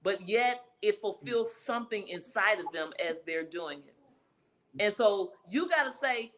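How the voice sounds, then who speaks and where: A woman's voice: mid-range voice, lively intonation, measured pace, a bit bright, rough recording. A woman relationship expert answering interview questions in an emphatic, preacher-like way, repeating her key phrases.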